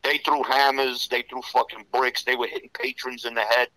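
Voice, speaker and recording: A man telling rough stories in a casual interview, profane and rambling, full of "you know". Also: mid-range voice, flat delivery, moderate pace, sharp tone, dry recording, low-quality recording. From Serbian Romanian background. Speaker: interview guest.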